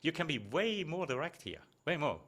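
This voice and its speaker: A man's voice: a little high, sing-song, moderate pace, a bit bright. A middle-aged man giving one-on-one feedback as a presentation coach, talking conversationally with frequent tag questions and restarts.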